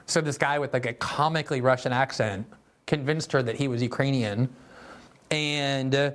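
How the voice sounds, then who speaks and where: Male show host, sarcastic monologue, casual mocking tone, mid-pitched voice. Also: steady tone, normal speed, a bit bright. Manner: sardonic, mocking, conversational. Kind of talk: political commentary monologue.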